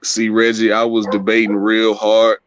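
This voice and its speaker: A man's voice: fairly low pitch, monotone, moderate pace, lo-fi sound. A man co-hosting a live boxing talk stream, talking in a laid-back, easygoing way. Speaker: podcast co-host. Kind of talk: casual live-stream chat.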